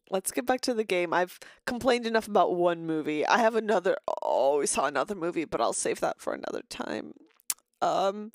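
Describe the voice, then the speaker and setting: A woman's voice: mid-range voice, dry recording. A woman streamer talks to her chat from her home setup, her voice sitting mid-range and close, with no room sound around it. She rambles through loose stories, swears without a second thought, and breaks off mid-sentence to welcome viewers. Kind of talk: casual live-stream chat while gaming.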